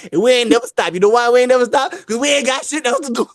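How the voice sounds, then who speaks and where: A man with a strikingly high voice hosts a podcast, trading casual banter and telling stories animatedly. He laughs a lot and stacks repeated words. The sound is dry and close. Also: very fast, no echo. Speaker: podcast host.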